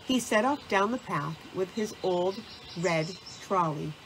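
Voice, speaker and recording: A woman narrating a children's storybook, reading in a slow, deliberate way. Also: fairly low pitch, lively intonation, slight background noise.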